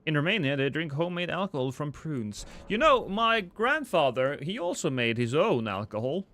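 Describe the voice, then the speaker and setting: A man's voice: a little high, very animated, moderate pace, a bit bright. A man streaming a game live, chatting with viewers in a rambling, joking, self-deprecating way.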